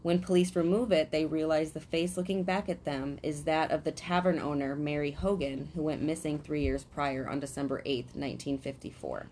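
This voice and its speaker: A woman's voice: sits low, steady tone, moderate pace, few pauses, a little mellow, a little hiss or hum. A woman co-hosting a podcast, narrating a true crime story in a blunt, casual way and swearing now and then.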